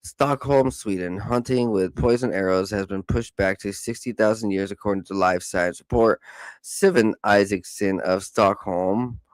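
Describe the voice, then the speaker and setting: A man hosting a podcast, reading news articles aloud with casual joking asides, stumbling over hard words, and saying he is high. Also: normal speed, dry recording. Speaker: podcast host.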